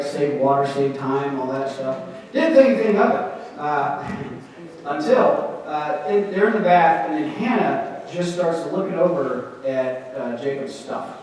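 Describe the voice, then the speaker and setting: A middle-aged man tells loose, rambling stand-up stories from a small theatre stage. His voice sits a little high and jumps up sharply as he lands each bit. He is heard from far off in a hall with a long, echoing ring. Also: darkish tone, slight background noise. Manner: loose, rambling storytelling with punchy rises. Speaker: stand-up comedian and emcee. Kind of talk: stand-up comedy set.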